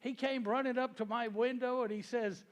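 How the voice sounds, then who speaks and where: A man's voice: extremely high pitch, fairly even intonation, moderate pace. A man telling jokes and stories in a folksy way to a real estate seminar audience, asking them questions as he goes. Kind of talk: joke-telling seminar talk to a live audience.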